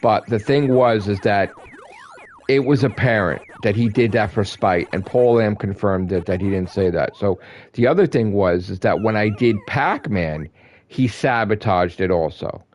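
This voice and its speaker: A man on a gaming live stream, ranting in a heated, profane way, repeating himself and swinging from loud outbursts to low grumbles. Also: moderate pace, slight background noise. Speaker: gaming livestreamer.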